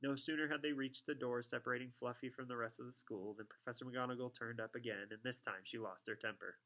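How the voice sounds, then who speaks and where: A man narrating a children's fantasy novel in a steady, expressive reading voice. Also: medium pitch, fast, hardly any pauses. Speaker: audiobook reader. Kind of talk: storybook narration.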